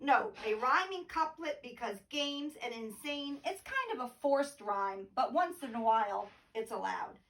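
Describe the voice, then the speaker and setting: A woman teaches a poetry lesson from home, speaking very slowly and patiently in a slightly high voice. She sits back from the microphone, so her voice sounds a little distant. Now and then she taps out the rhythm of the verse aloud. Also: lively intonation, a bit bright. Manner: slow, patient explaining, tapping out rhythm aloud.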